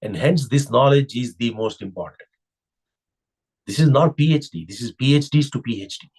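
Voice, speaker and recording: A man's voice: mid-range voice, moderate pace, darkish tone, husky. A man giving a spiritual discourse as a teacher, reflective and full of rhetorical questions.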